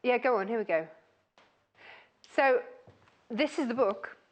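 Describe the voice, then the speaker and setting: A woman presents craft kits on a shopping channel, gushing over every item and filling pauses with chatty asides. Her voice sits fairly high. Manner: gushing, chatty, lots of fillers. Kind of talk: enthusiastic product presentation.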